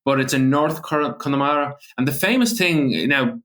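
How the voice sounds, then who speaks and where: A man's voice: mid-range voice, normal speed, fairly bright tone. A man from the Aran Islands with an Irish accent, a native Irish speaker, talking casually as an interview guest in a rambling, anecdotal way with many fillers and restarts. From Aran Islands, Ireland.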